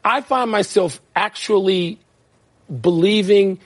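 High-pitched husky man arguing sports. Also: takes it slowly. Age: 60s. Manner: emphatic, laughing asides, reads show segments. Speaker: sports talk show co-host. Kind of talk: sports debate.

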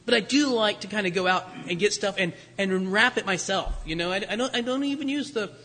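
A man's voice: high-pitched, fairly quick, sharp tone, in a large hall. A man preaching a conversational sermon to his congregation, lifting his voice for emphasis. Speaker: pastor.

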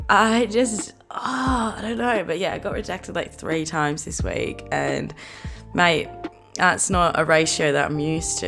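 A woman's voice: sits low, vocal fry, fairly bright tone. A young Australian woman hosting her own podcast, rambling and giggly in a casual chat, swearing freely. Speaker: podcast host.

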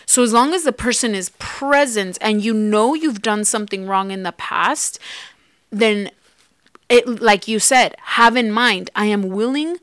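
A woman's voice: on the high side, a little slow, a bit bright, no echo, studio quality. A woman co-hosting a relationship podcast, talking in casual chat with a heartfelt, confessional manner and acting out remembered quotes. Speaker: podcast co-host.

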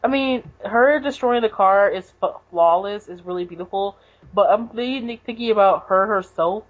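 A woman's voice: medium pitch, normal speed. A woman co-hosting a podcast, recapping a manga in a rambling, casual way full of "like" and "basically". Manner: rambling, filler-heavy, with lots of "like" and "basically". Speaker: podcast co-host. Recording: dull lo-fi podcast recording.

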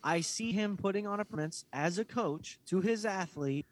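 A man's voice: high voice, moderate pace. A man with a slightly raised voice chats about fights on a casual podcast. He talks hesitantly, restarting and searching for his words. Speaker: podcast co-host. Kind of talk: casual fight-talk chat.

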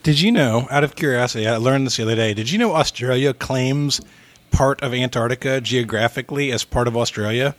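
A man's voice: medium pitch, a little fast, no room sound. A man hosting a podcast, chatting casually and asking clarifying questions as a quiz contestant. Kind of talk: casual chat.

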